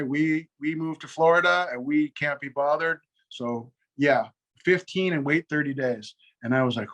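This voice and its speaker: A man's voice: fairly high pitch, a bit bright. A middle-aged man telling a long, profane story in casual conversation, acting out both sides of phone calls. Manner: profane, rapid anecdotes with quoted back-and-forth. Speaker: guest.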